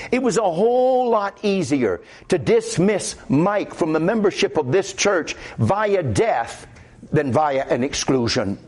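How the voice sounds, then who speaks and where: A man's voice: a little high, darkish tone. A man with a Midwestern American accent preaching a sermon as pastor, conversational and quoting scripture aloud.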